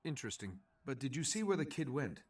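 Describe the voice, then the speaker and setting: A man's voice: medium pitch, very animated, a little fast, slightly rough, recorded from a distance. An actor voicing an earnest male hero, polite and straightforward in manner. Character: earnest male hero searching for a lost child.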